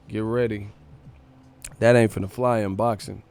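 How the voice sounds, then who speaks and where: His voice is on the low side, creaky yet a little mellow and smooth, steady and slightly slow. This young Sacramento man, with a Northern California accent, runs a live boxing stream, bantering with chat in slang, reading messages out and laughing a lot.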